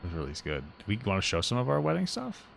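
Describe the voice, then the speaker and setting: A man's voice: on the low side, wildly swooping pitch, racing, creaky, a little hiss or hum. A young man co-hosting a podcast, chatting casually, joking and teasing, and swearing often. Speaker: podcast co-host. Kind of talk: casual chat.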